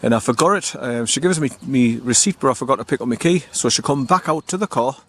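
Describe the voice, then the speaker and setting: A man's voice: mid-range voice, fast talker, fairly bright tone. An older man from the North East of England, chatting casually while he films a walking vlog outdoors by a river, rambling a little and correcting himself as he goes. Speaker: vlogger. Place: outdoors by a river in a small town.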